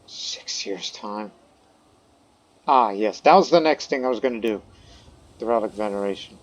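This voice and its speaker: A man's voice: mid-range voice, fast talker, rough recording. A man giving casual gameplay commentary, thinking aloud, muttering to himself and reading game text aloud. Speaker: let's play commentator.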